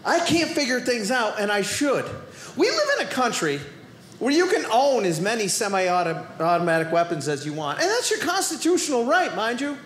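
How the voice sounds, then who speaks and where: Boston man, stand-up comic, very high voice, roomy live stage sound, playful shouty delivery. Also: normal speed. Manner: animated, playful delivery with shouted asides and sudden quiet drops. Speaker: stand-up comedian. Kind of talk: stand-up comedy routine. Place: comedy club stage before a live audience.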